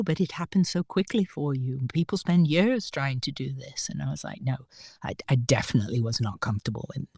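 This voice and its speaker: Woman guest telling a story, lively, acts out the voices, dry close sound. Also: very deep voice, no room sound. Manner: animated, acts out quoted voices. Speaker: podcast guest. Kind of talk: storytelling in an interview.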